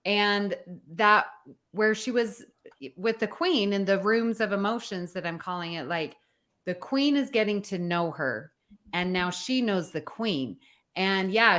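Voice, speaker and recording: A woman's voice: mid-range voice, fairly bright tone. A woman co-hosting a podcast, musing aloud in casual chat. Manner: musing, curious. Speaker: co-host.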